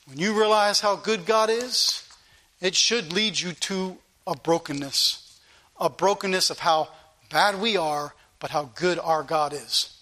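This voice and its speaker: A man preaching, his voice high and ringing. He reads scripture and then drives it home with fervent repetition. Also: unhurried, sharp tone. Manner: fervent, repeats lines for emphasis, reads scripture aloud. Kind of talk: sermon.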